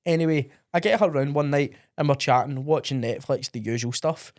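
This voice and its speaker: His voice fairly high, fairly quick, and a little mellow, a young Scottish co-host recounts embarrassing stories on a podcast in casual storytelling chat. He laughs, swears, and says "mate" a lot.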